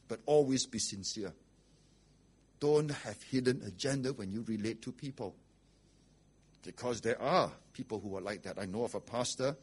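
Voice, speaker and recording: A man's voice: mid-range voice, breathy edge. A man preaching a sermon as pastor, blunt and rhetorical, often asking "okay?" and "right?".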